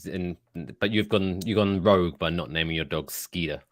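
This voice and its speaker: A man's voice: low voice, normal speed, no room sound. A man with an English accent co-hosting a casual podcast chat, with dry, teasing banter. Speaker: podcast co-host.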